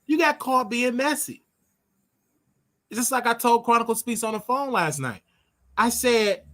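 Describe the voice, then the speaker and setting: Brash and scolding, an older show host gives a commentary monologue, drawing out words to stress them. His voice is very high-pitched and fairly bright, at a moderate pace.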